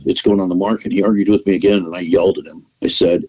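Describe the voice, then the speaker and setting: A man's voice: low voice, fairly even intonation, fast talker, few pauses, dark tone, low-quality recording. A man, a podcast guest, tells a long personal story in conversation, acting out the dialogue he quotes and often restarting with "you know.". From California, United States. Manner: acts out quoted dialogue in his retelling.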